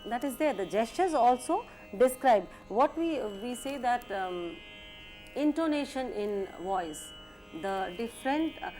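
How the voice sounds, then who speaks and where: A woman with an Indian accent giving a music lecture, halting and full of fillers, sometimes switching into Hindi phrases. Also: on the high side, a little mellow. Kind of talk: educational lecture.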